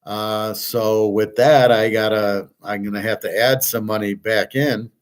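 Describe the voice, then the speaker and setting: A man's voice: lowish voice, fairly even intonation, unhurried. An older man hosting a sports betting show, talking in a rambling, casual way with plenty of swearing and restarts. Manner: rambling, profane, repeats himself.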